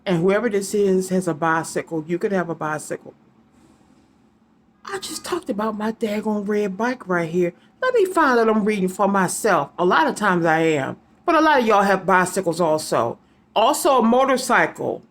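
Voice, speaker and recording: Rambling psychic woman, casual reading. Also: mid-range voice. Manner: rambling, repeats names and letters aloud. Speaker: psychic reader. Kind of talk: casual tarot-style reading to viewers.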